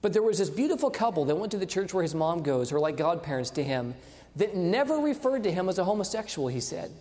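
A man's voice: sits high, sing-song, fast talker, mellow. A man in his thirties preaching a sermon, telling a story with quoted dialogue and putting questions to the congregation. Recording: long hall reverb.

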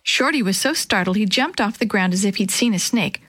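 A woman reading a children's chapter book aloud, telling the story gently and lightly voicing the characters. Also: mid-range voice, expressive, fairly quick, no echo. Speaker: storybook reader.

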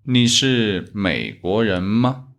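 A man from China with a Chinese accent, teaching a Chinese lesson in English and reading the examples slowly. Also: lowish voice, very animated, a bit bright. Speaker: Chinese teacher, podcast host. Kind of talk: slow, methodical language lesson.

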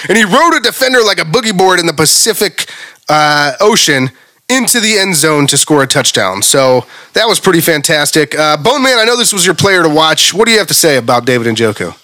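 A man's voice: a little high, bright, forceful tone, dry recording. A man hosting a casual sports podcast, ranting heatedly and swearing about his team. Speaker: podcast host.

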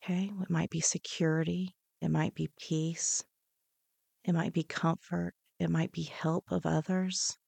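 A woman leading a guided breathing meditation on a podcast, giving slow, soothing, repeated instructions. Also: low voice, flat delivery, gravelly, a little mellow, slightly rough, no echo. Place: podcast studio.

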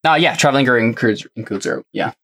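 A man's voice: medium pitch, expressive, quick pace, a bit bright. A man running a tabletop game as game master, narrating in an easygoing, loose way.

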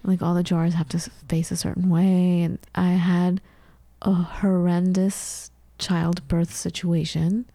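A woman in her thirties, co-hosting a podcast, tells candid personal stories in a relaxed, conversational way and often restarts her sentences. Her voice sits low with a gravelly edge and a mellow, dark tone. The sound is dry and close. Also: measured pace, no room sound. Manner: candid, storytelling, with frequent restarts. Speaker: podcast co-host. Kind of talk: casual conversation.

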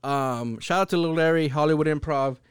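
High-voiced man telling a wild story. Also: fairly quick, smooth, dry recording, studio quality. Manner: animated, profane, lots of fillers. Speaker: podcast host. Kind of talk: casual storytelling chat.

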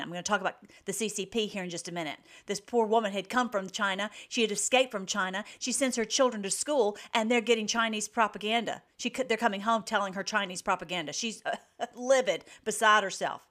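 A woman hosting an online show, giving emphatic, rapid-fire political commentary between video clips. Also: mid-range voice, a bit bright.

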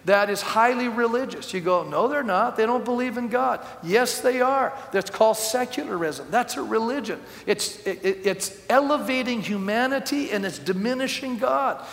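Man preaching, higher voice, storytelling, emphatic, echoey church hall, long reverb. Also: normal speed, creaky, fairly bright tone. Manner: storytelling, quotes others, rising to emphatic declarations. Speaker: pastor. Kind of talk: sermon.

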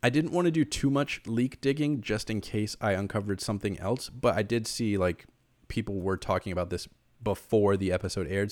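A man's voice: deep voice, dry recording. A man co-hosting a casual podcast chat, rambling with many fillers and restarts. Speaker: podcast co-host.

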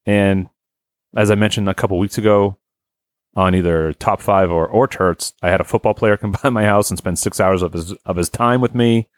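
A man's voice: lowish voice, steady tone, normal speed, no room sound, clean studio sound. A man hosting a podcast, chatting casually in a rambling, laid-back way with many fillers. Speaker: podcast host. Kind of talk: casual chat.

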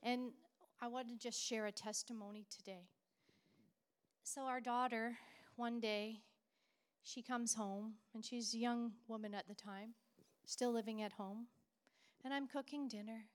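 A middle-aged woman pastor delivers a sermon with fervent, repeated declarations. Her voice sits fairly high. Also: steady tone, a little slow, long pauses, clear, resonant tone.

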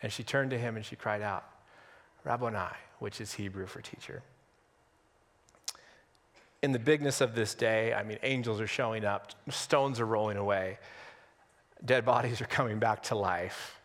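A male pastor preaching an Easter sermon in a conversational, humorous way, with dramatic pauses. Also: fairly low pitch, fairly bright tone, long reverb tail. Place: church sanctuary on Easter Sunday.

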